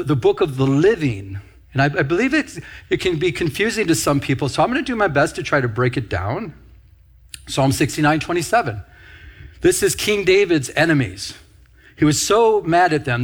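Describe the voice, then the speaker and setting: A middle-aged man who is a pastor, preaching a teaching sermon, often repeating phrases and asking his listeners questions. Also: on the high side.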